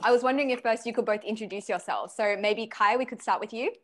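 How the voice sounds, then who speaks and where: A woman's voice: a little high, fast, fairly bright tone. A woman hosting an online award ceremony over a video call. She reads out award notes in a friendly way, with filler words along the way.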